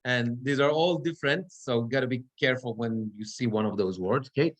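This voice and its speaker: A male cantor teaching a class how to read the Torah, explaining the marks and then chanting verses in drawn-out cantillation. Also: mid-range voice. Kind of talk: class instruction with chanted examples. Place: synagogue classroom.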